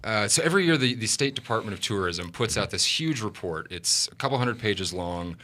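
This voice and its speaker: A man's voice: fairly low pitch, animated, brisk, pushed and bright. A man on a radio talk show as a guest, eagerly walking through tourism figures. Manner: eager, talks in figures and numbers.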